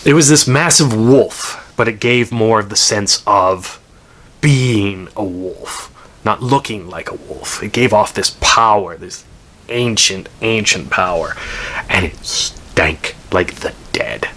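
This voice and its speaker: A man's voice: lowish voice, slow pace, fairly bright tone. A man telling a dramatic first-person story, swearing and drifting into rambling asides. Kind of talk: told story.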